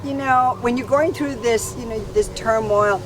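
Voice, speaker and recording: A middle-aged woman hosts a heartfelt talk, her voice sitting a little high. She speaks emphatically and with animation. She is picked up from a distance, with clear noise behind her. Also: moderate pace. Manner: animated, emphatic, breaks into loud exclamations. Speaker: host. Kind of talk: heartfelt conversation.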